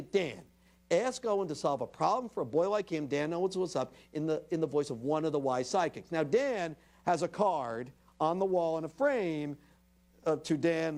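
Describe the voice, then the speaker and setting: Animated man giving a lecture. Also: fairly high pitch. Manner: animated storyteller who acts out dialogue; addresses the audience directly. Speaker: invited speaker. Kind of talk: public lecture.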